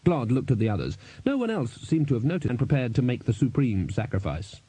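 A man narrates a story in a steady, even read. His voice is mellow and husky, and the recording is close and dry. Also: medium pitch, brisk, no echo. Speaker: audiobook narrator. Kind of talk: scripted narration.

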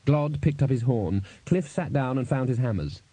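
A man narrates a story in a steady, even read. His voice is mellow and husky, and the recording is close and dry. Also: mid-range voice, moderate pace, no room sound. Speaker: audiobook narrator. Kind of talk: scripted narration.

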